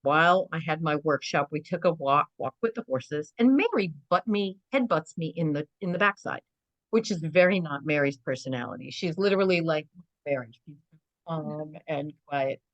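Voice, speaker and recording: A middle-aged woman, a guest on an interview podcast, telling stories in an earnest, animated way and often saying "you know". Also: sits low, moderate pace, no room sound, dull audio.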